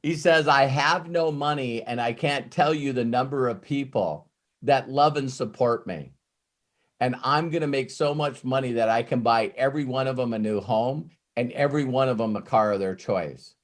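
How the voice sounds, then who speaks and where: A man's voice: mid-range voice, moderate pace. A man hosting a Q&A, retelling a story with frequent "uh" fillers before an earnest motivational pep talk, heard over a video call.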